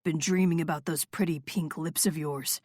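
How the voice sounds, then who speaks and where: A confident male rock star, put on by a woman narrator, speaks low and murmuring, teasing and commanding. The voice sits deeper than usual, recorded close and dry with no room sound. An audiobook romance character voice. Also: fairly even intonation, normal speed, a little mellow, no room sound.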